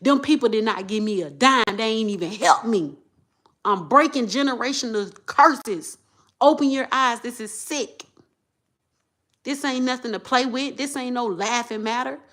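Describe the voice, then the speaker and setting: A woman, talking straight to her viewers in an emotional monologue. She repeats herself and swings from low muttering to loud outbursts. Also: normal speed. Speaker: vlogger.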